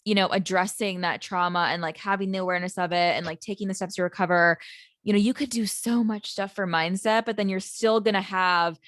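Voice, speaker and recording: A woman's voice: mid-range voice, steady tone, fairly quick, fairly bright tone, no echo, studio quality. A woman hosting a podcast, enthusiastic and affirming, with many "you know" and "like" fillers. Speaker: podcast host. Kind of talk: casual podcast conversation.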